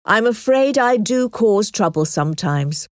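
A woman voicing a fretful, fussy elderly gentleman who sighs slowly through his lines. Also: mid-range voice, expressive, dry recording, clean studio sound, lightly acted. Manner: slow sighing delivery.

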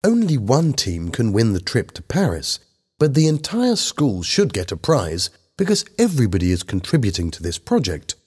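A man's voice: medium pitch, wildly swooping pitch, normal speed, darkish tone, slightly rough. A man voicing Helen, an earnest, organised teenage schoolgirl, explaining things patiently in a read-aloud story.

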